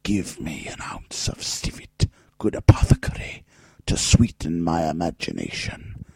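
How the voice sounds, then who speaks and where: A man acting out a mad elderly king, slow and theatrical, swinging between shouts and hoarse whispers with a husky voice. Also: very deep voice, huge pitch swings, no room sound, voice pushed down, exaggerated voice. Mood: raving. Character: raving mad old king, male, elderly.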